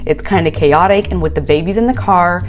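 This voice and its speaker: A woman's voice: lowish voice, fairly quick, over loud music. Sarcastic woman recapping reality TV. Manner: sarcastic, exasperated commentary. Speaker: reaction channel host. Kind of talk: recapping and reacting to a reality show.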